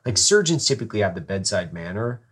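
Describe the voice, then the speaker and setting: A man's voice: on the low side, big pitch swings, quick pace, a bit bright, husky. A man hosting a podcast, telling a rambling story and swearing freely in casual chat.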